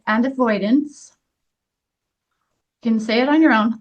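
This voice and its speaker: A woman in her fifties leading a guided group workshop, speaking in a gentle, earnest way with frequent restarts. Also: a little high, expressive, measured pace, long pauses. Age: 50s. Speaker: energy healing workshop leader. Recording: dull lo-fi recording.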